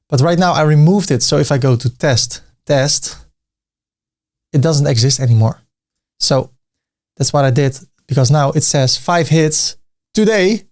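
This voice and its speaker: A young adult man hosting a screen-recorded software tutorial, thinking aloud in a relaxed way with fillers and restarts. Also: a little high. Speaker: tutorial host.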